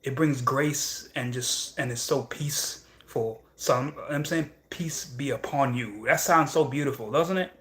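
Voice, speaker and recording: A man's voice: medium pitch, unhurried, hardly any pauses, fairly bright tone. Casting: young male streamer, loose and repetitive, mid-range voice, chatty. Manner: rambling, repeats phrases, frequent "you know what I'm saying". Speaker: livestream host reading chat. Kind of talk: casual livestream chat.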